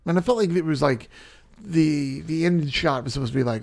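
A man's voice: on the high side, fairly quick, vocal fry, darkish tone. A man co-hosting a podcast, giving wry, opinionated takes on a film in casual chat. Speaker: podcast co-host. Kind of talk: casual movie review chat.

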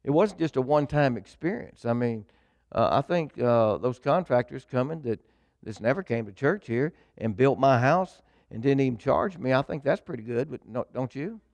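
A middle-aged preacher, a man chatting through a personal testimony in an easygoing, folksy way. His voice sits at an ordinary pitch for a man and sounds dry and close, with no room around it. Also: lively intonation, moderate pace, darkish tone, no room sound, muffled recording. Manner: folksy storytelling, addresses congregation. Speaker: pastor. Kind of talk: sermon testimony.

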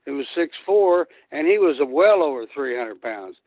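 A man's voice: fairly high pitch, normal speed, no room sound. An older man, a retired wrestler telling rambling stories and acting out quotes. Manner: rambling, animated storyteller who acts out quotes. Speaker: guest, retired pro wrestler. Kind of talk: casual storytelling. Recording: tinny dry phone line.

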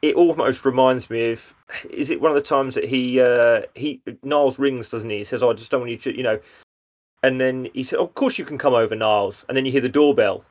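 A man co-hosting a podcast, retelling scenes in an animated way in casual chat. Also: medium pitch, fairly quick. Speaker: podcast co-host.

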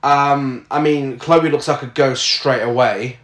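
A man's voice: medium pitch, steady tone, measured pace, a bit bright. A British man co-hosting a casual film review podcast, sarcastic and sweary. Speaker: podcast co-host. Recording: roomy echo.

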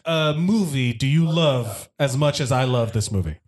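A man's voice: mid-range voice, lively intonation, moderate pace, a little mellow. A man hosting a casual movie commentary podcast, joking and swearing as he rambles with restarts. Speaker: podcast host.

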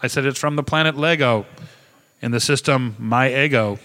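A man with a bright, forceful voice tells stories in a casual chat. He swears freely and acts out other people's lines with animated energy. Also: mid-range voice, moderate pace. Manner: profane, animated storytelling. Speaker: podcast co-host.

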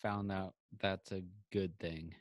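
A man's voice: low voice, takes it slowly, dry recording. A man co-hosting a podcast, telling a story in casual chat and acting out both sides of the conversation. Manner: animated retelling with quoted back-and-forth. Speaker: podcast co-host. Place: home, on a video call.

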